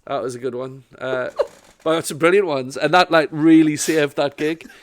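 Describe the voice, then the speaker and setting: A man, a stand-up comedian telling animated, laughing anecdotes in casual chat. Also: a little high, normal speed.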